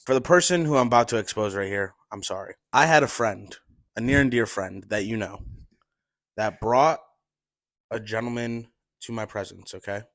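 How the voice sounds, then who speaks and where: A man telling stories in casual chat, animated, swearing and laughing as he goes. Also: fairly low pitch, normal speed, dry recording. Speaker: podcast guest telling stories.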